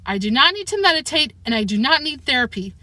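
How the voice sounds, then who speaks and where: A woman's voice: high-pitched, very animated, quick pace, pushed and bright, dry recording, pitched above the performer's own voice, exaggerated voice. A woman voicing a paranoid, theatrical male house cat in an audiobook reading. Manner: insistent, theatrical warnings.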